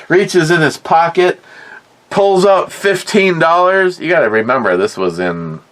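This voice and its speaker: A man's voice: on the high side, big pitch swings, normal speed, fairly bright tone. A middle-aged man telling a rambling, profane story in a casual way, often repeating his words. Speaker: podcast host.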